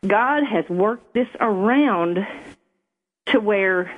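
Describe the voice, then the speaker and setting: Older woman, earnest storytelling, husky voice, tinny phone line. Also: medium pitch, animated, extremely slow. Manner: earnest, emotional, repeats herself. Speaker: caller. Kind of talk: telling a personal story. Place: calling in by phone.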